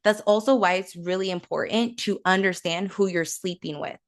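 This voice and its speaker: A woman's voice: mid-range voice, moderate pace. A woman giving a casual, earnest talk as a self-love coach, conversational and encouraging, often tagging her points with "right?".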